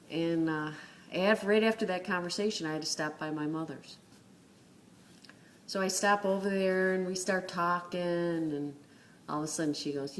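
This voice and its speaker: A woman's voice: lowish voice, unhurried, fairly bright tone. A woman telling a personal faith story in an earnest, conversational way, with many fillers. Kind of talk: casual spoken testimony.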